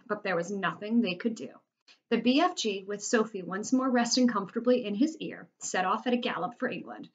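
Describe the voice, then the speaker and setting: A woman's voice: fairly high pitch, dull audio. A woman teacher reading a children's novel aloud to her class, adding chatty asides and explaining words.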